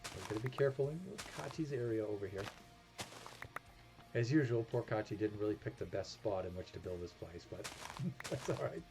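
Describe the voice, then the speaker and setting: A man's voice: lowish voice, animated, a little fast. A man with a New England accent chatting casually while streaming a game, thinking aloud and poking fun at himself. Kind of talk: casual gameplay commentary. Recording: music playing behind.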